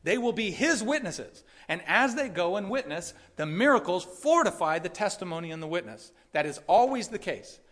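Emphatic bright-voiced male pastor preaching. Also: a little high. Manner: emphatic, repeats points, animated swings from loud to quiet. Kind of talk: sermon.

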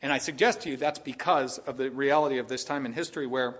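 A man's voice: medium pitch, fairly even intonation, fast, fairly bright tone. A man preaching an expository sermon, earnest and full of questions for his listeners. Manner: earnest, asks the audience rhetorical questions. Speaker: pastor.

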